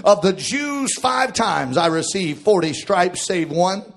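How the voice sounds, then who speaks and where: A man preaching a sermon, shouting in a chanted cadence that drops to quiet reading of scripture. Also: high voice, expressive, slow pace, creaky.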